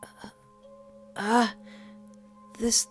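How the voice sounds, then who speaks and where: A woman voicing a lonely, gentle young man who is wounded and dying, speaking softly and haltingly. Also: faint music behind. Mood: weak, fading. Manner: soft, breathless, halting and pleading.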